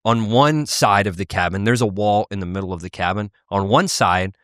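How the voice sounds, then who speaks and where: Laid-back guy with a lowish voice co-hosting a christian podcast, dry close mic. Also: normal speed, a bit bright, no echo. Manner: easygoing, laughs often, restarts and fillers. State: short on sleep. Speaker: podcast co-host. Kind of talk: casual chat.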